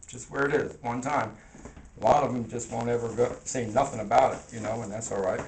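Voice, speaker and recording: A man's voice: medium pitch, steady tone, moderate pace, creaky, recorded from a distance. Guy rambling on camera, slangy and laughing, echoey room, bit of hiss. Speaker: vlogger. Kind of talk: casual rambling monologue. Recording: echoey room with faint ambient noise.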